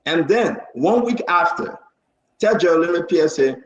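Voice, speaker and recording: A man's voice: high-pitched, lively intonation, normal speed. Male host, insistent, roomy echo, dull audio. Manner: emphatic, insistent. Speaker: talk show host. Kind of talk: political talk-show discussion. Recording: echoey, dull lo-fi stream audio.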